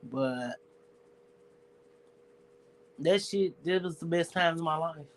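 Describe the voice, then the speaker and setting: A man's voice: fairly high pitch, slow, rough recording. A man with a Southern US accent, talking in a rambling, profane, reflective casual monologue as a streamer.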